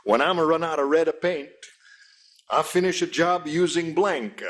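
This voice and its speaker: A man's voice: fairly high pitch, normal speed, close to an everyday voice. A man putting on a thick, fake comic Italian accent to play a boastful Italian painter. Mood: hammy. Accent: put-on comic Italian. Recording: noisy studio with audience.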